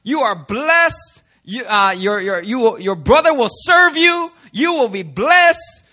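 A man voicing an old male patriarch, pronouncing blessings in a grand, drawn-out way. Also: very high-pitched, sing-song, bright, forceful tone, pitched above the performer's own voice, heavily acted. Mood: solemn, grand.

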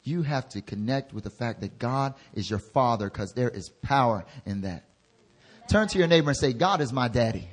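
A young man preaching a sermon as an intern pastor. He drops into soft, low asides, then rises into loud exhortations. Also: lively intonation, moderate pace.

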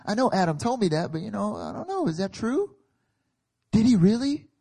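A preacher doing a doubtful, confused Eve. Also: male voice, high voice, big pitch swings, a little fast, gravelly, warm tone, breathy edge, voice pushed up, heavily acted. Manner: hesitant, questioning.

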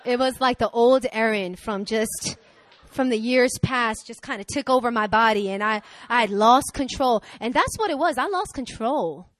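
A woman preaching a sermon who tells candid personal stories and acts out the dialogue with lively energy. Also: a little high, moderate pace, dry recording. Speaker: preacher, pastor's wife.

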